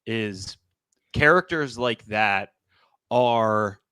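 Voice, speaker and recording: A man in casual podcast chat, giving measured and thoughtful opinions. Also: lowish voice, pushed and bright, smooth, no room sound.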